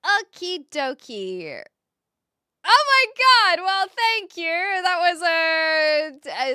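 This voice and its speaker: Chatty, bright-voiced woman streamer. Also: medium pitch, no room sound, studio quality. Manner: chatty, laughing, fillers, reads chat aloud. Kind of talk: casual live-stream chat.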